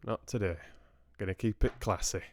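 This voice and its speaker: A man's voice: lowish voice, moderate pace, a little mellow. A man hosting a casual livestream book club, chatting and rambling to viewers with laughs.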